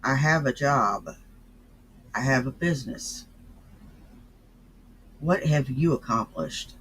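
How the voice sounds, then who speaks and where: A man's voice: mid-range voice, animated, slow, a bit bright, slight background noise. A man on a livestream, firing back defensively and indignantly at the host. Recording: dull lo-fi stream audio.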